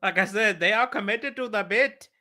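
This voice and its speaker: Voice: medium pitch, moderate pace, bright, forceful tone. A co-host in a casual video reaction chat, blunt and crude with jokes.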